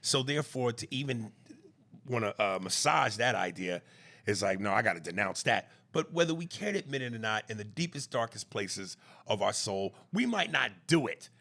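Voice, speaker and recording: Raspy, gravelly, animated male podcast host. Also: lowish voice, normal speed. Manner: animated, blunt and profane, punches key words. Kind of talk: casual podcast chat.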